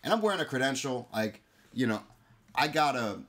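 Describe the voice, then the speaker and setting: A man's voice: medium pitch, expressive, brisk, a bit bright. Wisecracking man in casual chat. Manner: wisecracking, crude jokes. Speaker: podcast co-host.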